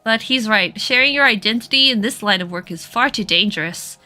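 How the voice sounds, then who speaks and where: Woman reading an earnest young male detective's assistant, dramatic, bright high voice, game dub. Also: brisk, faint music behind. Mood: rueful.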